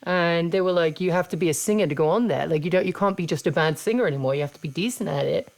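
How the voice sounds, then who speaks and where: A woman in her thirties with an English accent, a podcast host and wrestler, leads a casual chat in a blunt, laid-back way, swearing freely. Her voice is fairly low and she speaks fast.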